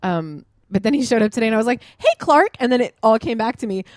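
A woman co-hosting a podcast, telling stories in casual chat with animated delivery, frequent swearing and laughter. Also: on the high side, very fast, no echo, studio quality. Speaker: podcast co-host.

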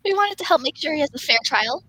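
High bright-voiced woman player. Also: lively intonation, fast, no room sound, low-quality recording. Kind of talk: tabletop game play.

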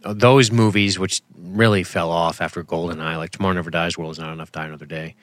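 A man's voice: low voice, steady tone, fast, no echo. A man co-hosting a podcast in casual chat, wry and rambling, often poking fun at himself. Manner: wry, rambling, self-deprecating. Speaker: podcast co-host.

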